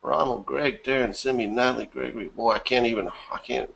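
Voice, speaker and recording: A man's voice: medium pitch, steady tone, fairly quick, gravelly, a bit bright, dull audio. A man with a bad cough hosting a live webinar in a casual way, greeting viewers by name from the chat and laughing often. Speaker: webinar host.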